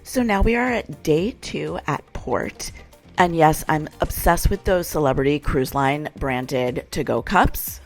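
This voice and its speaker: A woman's voice: low voice, a little slow. A woman hosting a casual travel vlog, chatty and frank, complaining with humor. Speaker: vlog host. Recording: music playing underneath.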